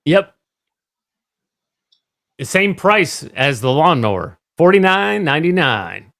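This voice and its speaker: A man co-hosting a casual movie review chat, calmly walking through scenes with short agreements. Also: fairly high pitch, slow, creaky. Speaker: podcast co-host.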